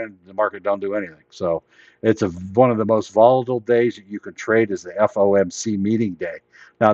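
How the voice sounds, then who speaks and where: Low-voiced man teaching trades, voice worn. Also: no echo, muffled recording. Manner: rambling, self-correcting, plain-spoken. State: losing his voice. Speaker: trading educator hosting a live stream. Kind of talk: casual live teaching.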